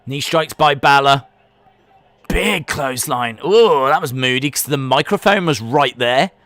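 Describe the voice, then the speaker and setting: A man hosting a live wrestling watch-along stream. He calls the action with excitement, then answers chat questions in a relaxed, rambling way. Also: medium pitch, moderate pace, dry recording. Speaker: live-stream reaction host.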